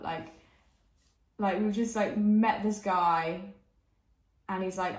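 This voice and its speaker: A woman's voice: mid-range voice, fairly even intonation, moderate pace, echoey room, noisy background. A young woman telling a story in casual vlog chat, filling her talk with "like" and laughing often. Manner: chatty, heavy use of "like", laughs often. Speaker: vlogger.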